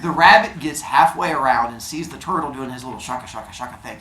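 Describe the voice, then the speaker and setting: A man teaching a class, telling a modern fable with playful, animated delivery and character voices. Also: medium pitch, fast, roomy sound, a little hiss or hum.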